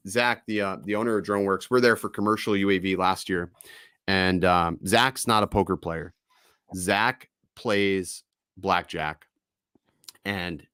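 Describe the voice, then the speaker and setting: Profane, animated male stream host. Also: fairly low pitch, no room sound, clean studio sound. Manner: loose, profane, animated storytelling. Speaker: podcast host. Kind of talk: casual live-stream chat.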